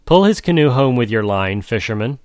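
A man's voice: mid-range voice, sing-song, fairly quick, darkish tone, no room sound, clean studio sound, natural voice. A man playing a stern old magician. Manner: stern, pronouncing decrees.

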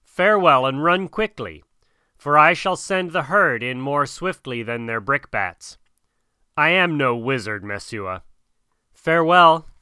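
A proud, scornful jungle boy, put on by a male storyteller. His voice is bright and crisp, with lively rises and falls. He speaks with commanding defiance, in a dry, close recording. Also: on the high side, a little slow, no echo.

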